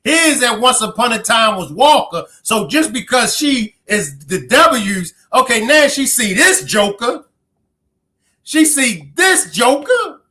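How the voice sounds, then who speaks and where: A man's voice: very high-pitched, very animated, takes it slowly, pushed and bright. A man streaming live, reacting to a clip, who keeps laughing, exclaiming and breaking off mid-sentence.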